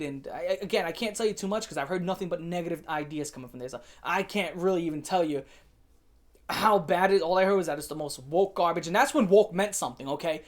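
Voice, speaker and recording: A woman hosting her own channel, delivering an emphatic, sarcastic opinion rant and mocking the people she talks about. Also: medium pitch. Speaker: channel host.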